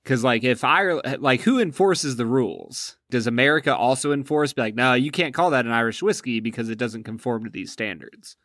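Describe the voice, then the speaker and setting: A man's voice: medium pitch, fairly quick, hardly any pauses, fairly bright tone, no room sound, clean studio sound. A man co-hosting a whiskey review, asking curious questions in a laid-back way. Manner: curious, laid-back, uses filler words. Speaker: co-host. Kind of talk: casual review chat.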